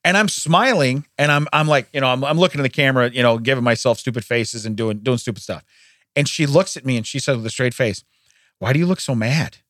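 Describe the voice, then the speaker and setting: A man co-hosting a casual chat, telling a story in an animated way and laughing often. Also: mid-range voice, quick pace, dry recording, clean studio sound. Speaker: podcast co-host.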